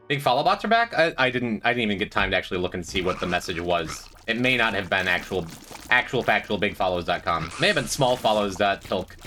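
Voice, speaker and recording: A man's voice: lowish voice, pushed and bright. A young man streaming a game, chatting and joking with his chat as he plays. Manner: chatty, joking, reads and answers chat while playing. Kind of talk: casual gameplay commentary chatting with chat.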